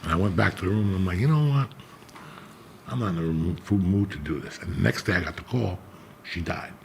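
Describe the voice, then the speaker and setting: A middle-aged man with a deeply gravelly, rough-edged voice, spinning a blunt and profane story. He talks low and unhurried, like a host holding court. A faint hiss sits under the recording. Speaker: podcast host. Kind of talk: casual storytelling chat.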